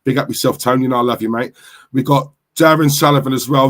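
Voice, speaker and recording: A man with a London accent talks casually on his live stream. He is chatty and slangy, greeting viewers by name. His voice sits in a middle pitch. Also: steady tone, fast talker. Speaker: football livestream host.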